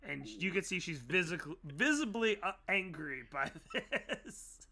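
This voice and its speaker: Bright, slow-talking man as game master. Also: sits high, very animated. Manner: laughs often and puts on quick voices for the characters. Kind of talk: narrating a tabletop role-playing game.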